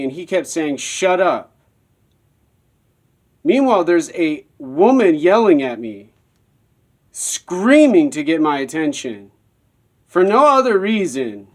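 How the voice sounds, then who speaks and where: A man's voice: a little high, darkish tone. A man telling a personal story in a rambling, repetitive monologue.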